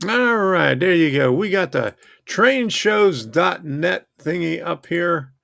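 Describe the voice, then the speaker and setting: A man with a heavily gravelly, fry-laden voice talks at a slow, unhurried pace. His pitch sits a bit high for a man. He hosts a model train channel in a rambling, chatty way, and the sound is dry and close. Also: expressive, a bit bright, no room sound. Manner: rambling, chatty, self-interrupting. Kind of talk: casual livestream chat.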